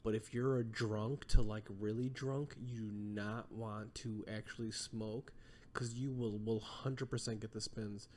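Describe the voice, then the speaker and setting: Low-voiced man telling rambling stories. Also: steady tone, a little slow, darkish tone, a little hiss or hum. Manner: rambling storytelling with many fillers. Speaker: podcast guest. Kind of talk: casual chat.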